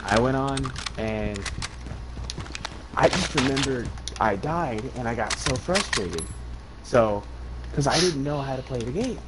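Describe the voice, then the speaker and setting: A young man from Arizona co-hosts a casual podcast, telling stories with animation and swearing freely. His voice sits at an ordinary male pitch. A loud wash of background noise runs under everything he says. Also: expressive, measured pace. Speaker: podcast co-host. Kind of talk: casual chat.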